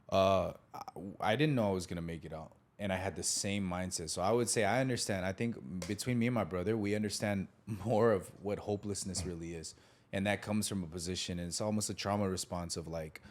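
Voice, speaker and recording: A man in his thirties casually telling a childhood story as the podcast host, animated, acting out voices and laughing often. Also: low voice, brisk.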